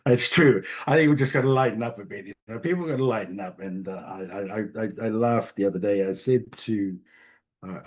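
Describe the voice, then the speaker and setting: A middle-aged man with a slightly low, husky voice tells stories from his work as a family doctor. He talks in an easygoing, jokey way, often stopping and restarting his sentences. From Tonga. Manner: warm, jokey storyteller with frequent restarts. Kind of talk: storytelling interview talk.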